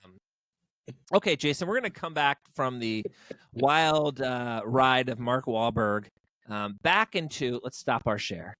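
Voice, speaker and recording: A man co-hosts a podcast and talks movies in a rambling, jokey style thick with fillers. The recording is dry, and his mid-range, fairly bright voice has lively intonation and a measured pace.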